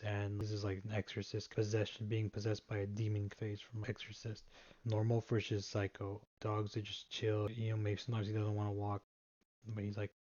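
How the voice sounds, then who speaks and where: A man giving a casual joke slideshow presentation, rambling and halting with frequent restarts. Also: lowish voice, a little mellow, no room sound, highs cut off.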